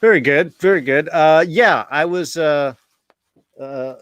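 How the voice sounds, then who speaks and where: A man's voice: on the high side, slow, fairly bright tone, no room sound. A man hosting a casual review podcast, tired from little sleep and rambling with lots of fillers. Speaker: podcast host.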